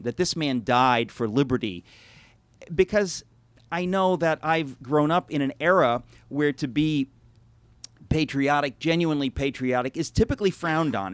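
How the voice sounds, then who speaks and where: A man's voice: medium pitch, no echo. A middle-aged American man giving an earnest, reflective talk as an author before an audience, with frequent restarts and wry asides. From United States. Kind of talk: lecture to a live audience.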